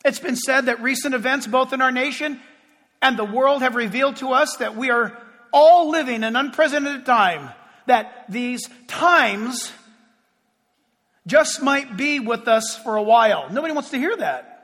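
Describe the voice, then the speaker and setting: A man preaching a fervent sermon as pastor, with sudden shouts and slow drawn-out phrases. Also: very high-pitched, lively intonation. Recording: long hall reverb.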